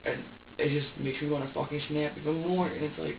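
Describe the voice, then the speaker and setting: A man's voice: a little high, steady tone, brisk, vocal fry, a little hiss or hum. Agitated, swearing man in an interrogation room. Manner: agitated, rambling, heavy swearing. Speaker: interrogation suspect. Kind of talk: police interrogation. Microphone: distant room mic. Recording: dull echoey room audio from far off.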